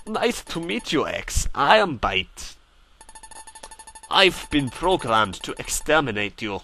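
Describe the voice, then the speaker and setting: A man doing a slow menacing robot boss with a German accent. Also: mid-range voice, very animated, bright, forceful tone, faint music behind, heavily acted. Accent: put-on German. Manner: slow, deliberate, threatening delivery. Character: menacing male robot boss, cold and boastful.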